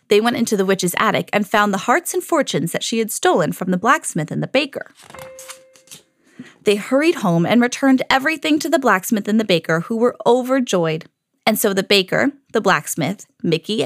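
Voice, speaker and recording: A woman hosting a children's podcast, reading a storybook aloud in an expressive storytelling manner. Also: medium pitch, no echo, studio quality.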